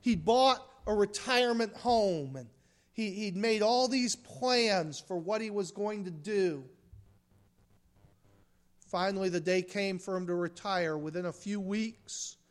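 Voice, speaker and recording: Man, pastor, sermon, slow deliberate delivery, hushed-to-forceful swings. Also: high-pitched.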